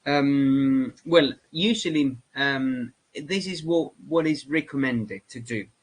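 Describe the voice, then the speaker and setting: Halting male English teacher, Spanish native. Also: mid-range voice, husky, poor audio. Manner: halting, many fillers and restarts. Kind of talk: lecture on grammar.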